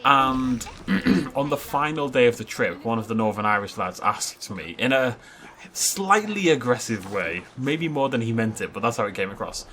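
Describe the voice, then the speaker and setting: A man's voice: mid-range voice, big pitch swings, moderate pace, a bit bright, slight background noise. A young man hosting a casual let's play, chatty and self-mocking, rambling into anecdotes as he plays. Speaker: gaming video host.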